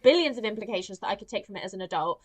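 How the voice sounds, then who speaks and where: A woman's voice: medium pitch, expressive, racing. A woman co-hosting a film podcast, ranting and swearing as she mimics characters in casual chat. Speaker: podcast co-host.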